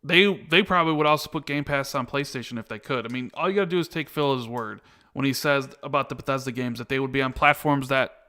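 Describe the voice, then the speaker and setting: A man's voice: medium pitch, fast, few pauses, bright, forceful tone, clear, resonant tone. A man hosting a casual podcast, easygoing as he reads out and answers viewer comments from the live chat.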